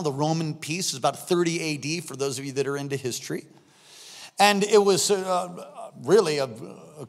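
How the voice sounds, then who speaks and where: High-voiced pastor preaching in a reverberant sanctuary. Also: male voice. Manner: animated, acts out scenes with sudden shouts. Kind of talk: sermon. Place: church sanctuary. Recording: long reverb of a large hall.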